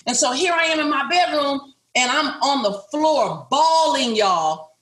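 A woman's voice: sits high, animated, measured pace, a bit bright. Emphatic middle-aged woman telling a story. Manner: emphatic, repetitive, addresses listeners directly. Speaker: business owner speaking to a group. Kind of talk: motivational storytelling. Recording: roomy echo.

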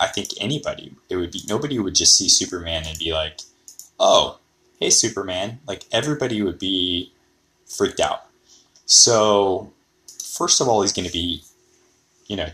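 A man's voice: low voice, pushed and bright. A man hosting a podcast, rambling and thinking aloud in a casual monologue. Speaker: podcast host.

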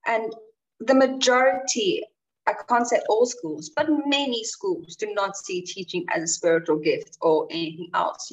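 A woman who is a teacher, making an earnest case in a casual chat. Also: mid-range voice. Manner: earnest, building an argument. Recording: distant from the mic.

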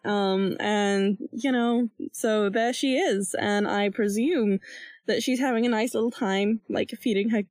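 A woman's voice: medium pitch, fairly even intonation, unhurried, a little mellow, dry recording. A woman rambling casually as she narrates her character in a tabletop game, with many fillers.

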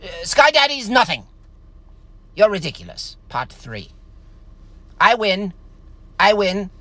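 A man's voice: high-pitched, big pitch swings, takes it slowly, bright, forceful tone, no room sound, voice pushed up, heavily acted. A man doing a stammering, self-important British atheist author and father with a British accent, as a comedy bit. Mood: smug, pompous. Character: smug pompous male atheist author and father, an impression. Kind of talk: comedic character voice on a stream.

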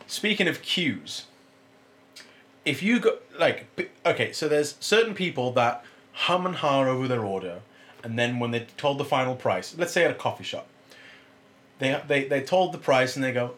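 A man's voice: medium pitch, normal speed, a bit bright. A young man, chatting casually and ranting with strong opinions. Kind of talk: casual chat.

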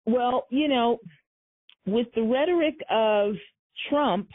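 A woman's voice: fairly high pitch, slow pace. A woman hosting a talk show, giving emphatic commentary and repeating her key points for effect. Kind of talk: conversational commentary. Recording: tinny phone-line sound.

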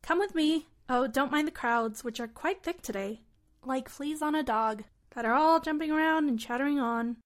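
High-voiced playfully clueless woman. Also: normal speed. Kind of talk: comedy sketch.

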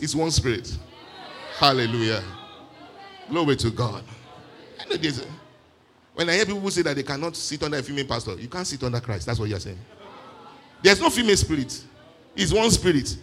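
A man preaching a sermon in an animated way, with frequent exclamations of praise. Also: mid-range voice, slight background noise.

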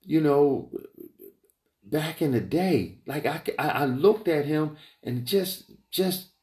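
A man giving a rambling opinion monologue, emphatic and repetitive, wandering off on tangents and climbing high in pitch when he gets heated. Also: animated, slow, a little mellow. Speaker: entrepreneur vlogger. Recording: roomy echo.

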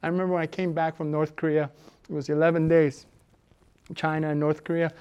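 A man preaching a sermon as a pastor. He talks conversationally with fillers, and swings between loud, emphatic preaching and soft, low asides. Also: flat delivery, a little fast, clean tone, highs cut off. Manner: conversational, with fillers and self-corrections.

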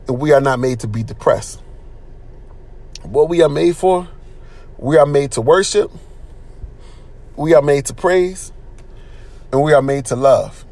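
A man's voice: mid-range voice, creaky, darkish tone. A man giving an informal sermon in an earnest, conversational way, with slang and lots of repetition. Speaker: preacher.

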